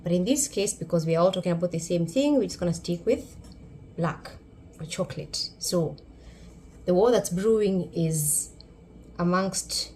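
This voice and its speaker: A woman's voice: fairly low pitch, dark tone, a little hiss or hum. A woman with a Kenyan accent giving a wry, sarcastic, emphatic commentary on her vlog. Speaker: YouTube commentator.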